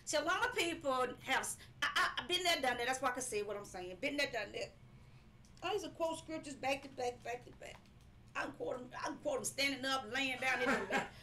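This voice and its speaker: A woman's voice: high voice, fairly quick, pushed and bright, faint music behind. A woman preaching a live-streamed sermon, emphatic and repetitive, sometimes breaking into laughing cries.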